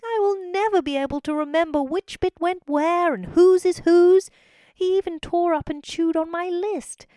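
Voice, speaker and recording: A woman's voice: a little high, expressive, normal speed, darkish tone, no echo, clean studio sound, pitched above the performer's own voice, natural voice. A woman playing a frantic, wailing mother goat. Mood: desperate. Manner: desperate, wailing. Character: flustered, kind mother goat, female. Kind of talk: storybook reading.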